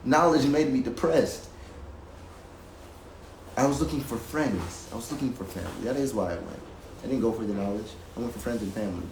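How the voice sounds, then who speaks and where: A man's voice: medium pitch, a little fast, creaky, pauses often. Man, rambling casual rant, profane, emphatic, home setup, roomy sound, faint hiss. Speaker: streamer reacting to a video. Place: home music recording setup.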